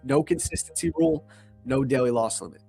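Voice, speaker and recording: A man's voice: medium pitch, a little fast, gravelly, mellow, breathy edge, soft background music. A young man from New York hosting a casual livestream, laid-back and slangy, joking and reading chat aloud. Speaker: livestream trading host.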